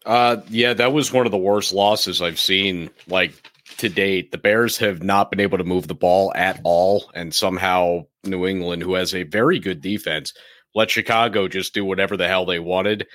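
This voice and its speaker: A man's voice: low-pitched, fairly even intonation, moderate pace, a bit bright, dry recording, studio quality. A man co-hosting a sports talk show, laid-back and blunt, with some mild swearing. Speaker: sports podcast co-host.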